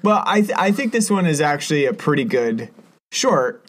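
A man co-hosts a laid-back film review podcast, rambling along with plenty of fillers and restarts. His voice sits a little high, swings widely in pitch, and moves at a moderate pace.

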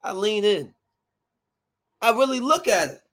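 A woman's voice: mid-range voice, expressive, unhurried, a bit bright. A woman in her thirties, a parent, telling a heated personal story straight to her viewers in an emphatic, slangy rant.

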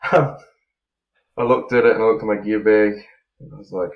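A New man with a notably deep voice talks loosely and casually, full of ums and restarts. The recording has a roomy echo around him. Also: fairly quick, dull audio. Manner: relaxed, rambling, many fillers and restarts. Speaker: podcast co-host, freestyle motocross rider. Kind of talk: casual podcast chat.

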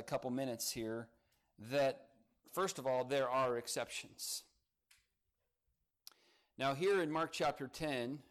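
A man preaching a morning sermon, earnest and emphatic, leaning on key words as he builds each point. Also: mid-range voice. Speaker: pastor.

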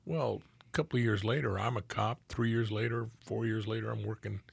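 A man's voice: lowish voice, fairly even intonation, fairly quick, creaky, breathy edge, no echo. An older man, a former police officer from Los Angeles, telling street stories in a laid-back, casual chat and swearing freely. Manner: laid-back, swears freely, acts out old friends' voices. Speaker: retired police officer, guest.

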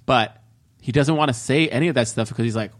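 A man's voice: medium pitch, fast talker. A young man co-hosting a podcast, chatting casually about a film and acting out its lines. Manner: animated, acts out movie lines in voices. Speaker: podcast co-host. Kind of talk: casual movie discussion.

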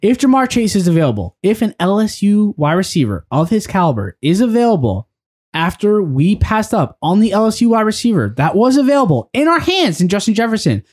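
A man's voice: sits high, very animated, fairly quick, darkish tone. A man hosting a casual sports podcast, steering the talk from topic to topic with frequent fillers. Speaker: podcast host.

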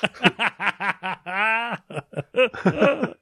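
A man's voice: sits high, animated, drawn-out words, bright, forceful tone. A British man in his thirties co-hosting a podcast, chatting casually with blunt, crude humour. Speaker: podcast co-host. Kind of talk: casual chat.

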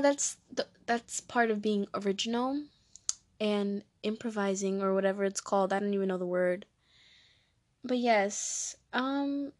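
A young woman with a New Jersey accent hosts her own comedy show in a high voice. She talks in a casual monologue, sassy and brash, with plenty of profanity. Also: a bit bright. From Jersey City, New Jersey. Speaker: comedy podcast host.

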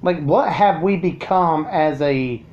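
Speaking slowly in a somewhat mellow voice on the high side, a male vlogger sarcastically rants at his audience from home. It's a profane monologue captured with dull audio.

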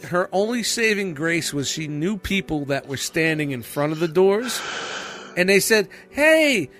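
Over faint background music, a man tells a story in a casual podcast chat, swearing freely and breaking into laughter often mid-story. His voice is a little high and his speed normal, and he's animated throughout.

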